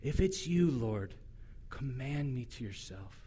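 A man's voice: medium pitch, expressive, slow pace, warm tone, husky, voice pushed down. A man voicing an impulsive fisherman apostle in a sermon retelling, blurting out his lines. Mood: intent.

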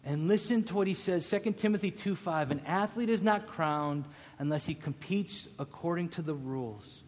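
A man in his thirties preaching a sermon, telling a personal story with animated, acted-out quotes. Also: on the high side, normal speed, big-room sound. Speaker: pastor.

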